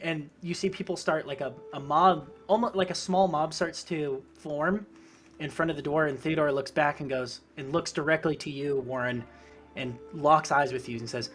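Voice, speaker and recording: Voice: medium pitch, steady tone, normal speed, a bit bright, soft background music. A game master narrating a tabletop game in a rambling way with many fillers.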